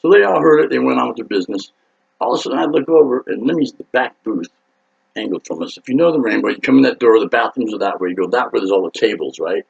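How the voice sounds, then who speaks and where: Raspy 50s rocker dude rambling thru a cuss-heavy story, muffled lo-fi sound. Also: male voice, medium pitch, expressive, fast. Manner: profane, rambling, laughing, acts out voices. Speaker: rock singer telling a story. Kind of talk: casual storytelling. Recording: dull lo-fi sound.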